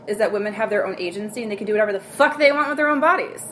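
A woman at a middle pitch who talks fast and speaks her mind in a dismissive, outspoken way. A faint noise runs behind her voice. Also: a bit bright. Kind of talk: casual chat.

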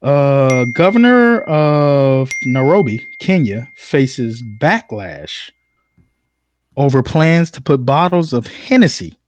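A man's voice: medium pitch, expressive, slow pace, dry recording. A man hosting a casual podcast, reading news stories and arguing playfully with mock seriousness. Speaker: podcast host.

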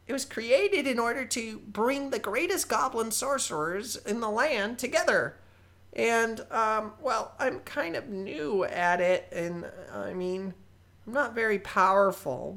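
Balthazar, a squeaky young goblin sorcerer. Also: male voice, fairly bright tone, full character voice. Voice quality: very high, squeaky. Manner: rambling, bubbly.

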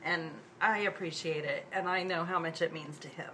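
A woman's voice: on the low side, steady tone, moderate pace, a bit bright, a little hiss or hum. A woman in casual podcast chat, speaking sincerely and with passion. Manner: sincere, passionate, a little emotional.

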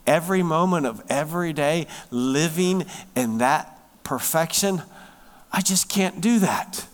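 A man preaching a sermon, emphatic, swinging from loud stressed words down to hushed near-whispers. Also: a little high, expressive, a little slow. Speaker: pastor.

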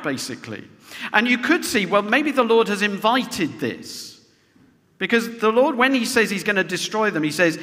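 A man's voice: high-pitched, sing-song, moderate pace, pushed and bright. A man preaching a sermon to a congregation, often ending points with rhetorical tag questions. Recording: long reverb of a large hall.

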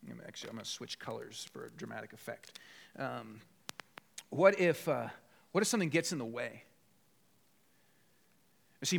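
A man's voice: mid-range voice, gravelly. A man preaching a conversational sermon as pastor, rising to emphatic bursts when voicing people's inner thoughts. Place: church.

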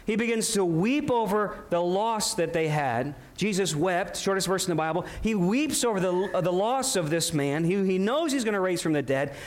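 A male pastor preaching a sermon in a church sanctuary, telling a scripture story with animated delivery and asking the congregation rhetorical questions. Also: high voice, moderate pace, hardly any pauses.

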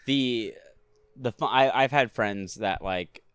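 A man in casual chat, rambling and animated, with lots of fillers and swearing. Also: mid-range voice, slow, clear, resonant tone, no room sound, studio quality.

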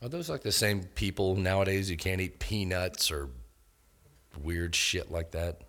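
A man's voice: deep voice, unhurried, fairly bright tone. A man co-hosting a casual podcast, trading jokes and irreverent banter. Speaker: podcast co-host. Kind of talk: casual chat.

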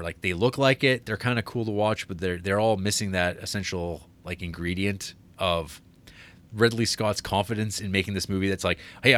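A man's voice: sits low, a bit bright. A man co-hosting a podcast, chatting casually about a movie, rambling with fillers, restarts and laughs. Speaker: podcast co-host.

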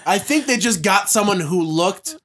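A man's voice: high-pitched, expressive, moderate pace, fairly bright tone, breathy edge. A man co-hosting a casual podcast, trading sarcastic jokes about a film. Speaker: podcast co-host. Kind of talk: casual chat.

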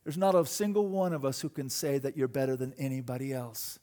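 A man preaching a sermon, telling a story with dramatic swings between loud bursts and hushed moments. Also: medium pitch, a little fast. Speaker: pastor.

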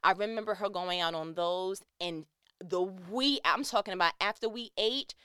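A woman's voice: mid-range voice, moderate pace, a bit bright, clear, resonant tone, no room sound, studio quality. A woman telling a personal story in a candid, conversational monologue.

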